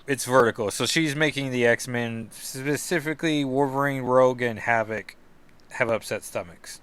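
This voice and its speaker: A man's voice: medium pitch, normal speed, a bit bright, clear, resonant tone, dry recording. A man hosting a comic book podcast, giving casual, rambling commentary with jokey asides.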